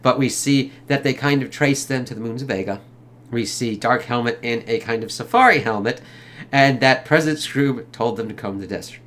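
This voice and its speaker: A man's voice: mid-range voice, moderate pace, a bit bright. A man giving a casual spoken movie review, rambling loosely, swearing a lot and laughing often.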